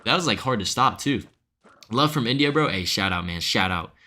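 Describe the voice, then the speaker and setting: A young man giving casual, excitable live commentary on his gameplay while chatting with viewers. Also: mid-range voice, a little fast. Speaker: streamer. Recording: faint music behind.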